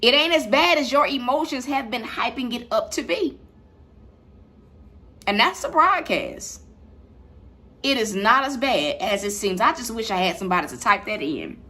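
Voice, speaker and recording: A woman's voice: a little high, lively intonation, moderate pace, long pauses, pushed and bright. A woman preaching to her livestream viewers from home, repeating her points with emphasis. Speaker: online preacher. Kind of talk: livestreamed sermon. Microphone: livestream mic.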